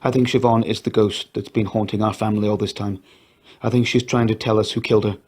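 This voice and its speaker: A man's voice: on the low side, little pitch movement, fast, darkish tone, slightly rough. A man voicing a distressed grown woman who pleads through tears in a read-aloud audio story. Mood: tearful pleading. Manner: pleading, voice raised.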